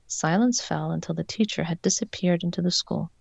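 A woman author reading her own story aloud in a measured, steady way, then answering interview questions. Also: lowish voice, creaky, slightly rough, no room sound. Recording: dull lo-fi sound.

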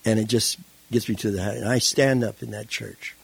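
A man being interviewed who tells his life story in a casual, animated way and acts out the voices in it. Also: lowish voice, fairly quick, creaky, husky, poor audio. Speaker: interview guest.

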